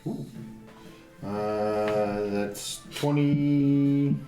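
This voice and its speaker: A man's voice: lowish voice, extremely slow, mellow, reverberant, soft background music. A man playing a tabletop game, talking in character in a playful way. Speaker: player. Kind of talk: tabletop role-play.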